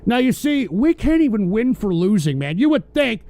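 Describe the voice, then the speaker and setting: A man's voice: very high-pitched, very animated, normal speed, a little mellow, no room sound. A man hosting an online political show, ranting angrily with constant swearing and sarcasm. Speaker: host of a political call-in show. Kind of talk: profane political rant.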